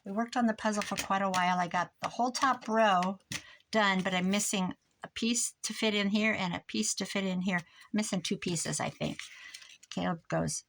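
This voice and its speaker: An older American woman, a grandmother, rambles chattily while working on a craft project for her vlog. Her mid-range voice is gravelly and moves at a moderate pace over a noisy background.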